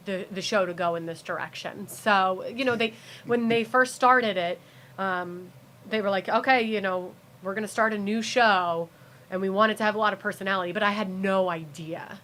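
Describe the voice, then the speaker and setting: A woman's voice: medium pitch, a bit bright. A young American woman, a TV meteorologist, chatting as a guest in a casual interview, rambling with many restarts and fillers. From United States.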